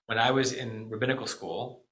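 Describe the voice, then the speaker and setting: A middle-aged American rabbi gives a Shabbat teaching in a bright, forceful voice at a middle pitch. He talks conversationally, often stopping to check in with "right?" and correcting himself mid-sentence. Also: fairly even intonation, a little fast, low-quality recording. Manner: conversational, frequent "right?" asides and self-corrections.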